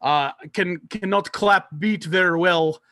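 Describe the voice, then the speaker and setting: A deadpan Russian hockey goalie, put on by a man in a mock accent, speaking in short broken phrases. The voice sits a little high, bright and forward, and it is recorded close and dry. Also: slow pace, no echo, exaggerated voice.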